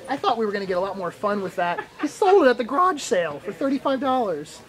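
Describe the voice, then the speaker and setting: A male vlogger hosts from a flea market booth, joking and laughing a lot in casual chat. He speaks fast and very animatedly in a high, somewhat bright voice, while crowd noise and music from the busy market surround him.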